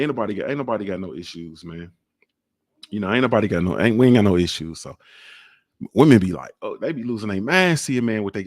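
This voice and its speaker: A man's voice: fairly low pitch, a little mellow, dry recording, studio quality. A man in his forties hosting a casual show from home, joking loosely in streetwise slang. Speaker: podcast host. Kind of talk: casual chat. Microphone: desk mic.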